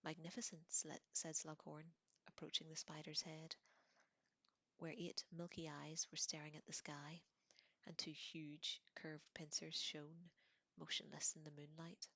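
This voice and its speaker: In a whispered role-play, a woman reads a storybook aloud in a soft, unvoiced whisper. Her voice sits low and unhurried, and the close microphone gives a dry sound. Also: flat delivery, dry recording. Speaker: audiobook reader.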